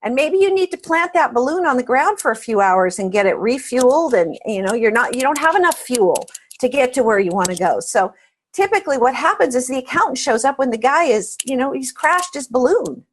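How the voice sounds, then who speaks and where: A woman's voice: sits high, big pitch swings, brisk, slight background noise. A middle-aged woman, a guest on an interview podcast, explaining her views emphatically and telling stories. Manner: emphatic, storytelling. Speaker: podcast guest, accounting advisor. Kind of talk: interview answer.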